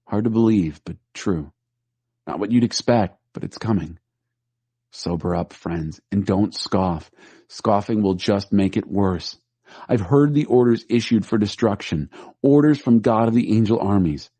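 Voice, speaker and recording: Scripture is read in a measured, steady manner by a man whose voice is low and dark. It's captured close up and dry, without any echo or room sound.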